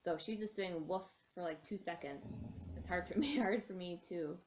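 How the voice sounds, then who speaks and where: Low-voiced woman explaining dog training. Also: normal speed, lo-fi sound, a little hiss or hum. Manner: chatty and explanatory, with frequent ums and restarts. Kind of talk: casual training demonstration.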